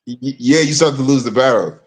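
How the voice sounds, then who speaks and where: A man appearing as a fighter guest on a podcast, chatting in a halting, self-mocking way. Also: mid-range voice, a crowd in the background. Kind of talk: casual interview chat.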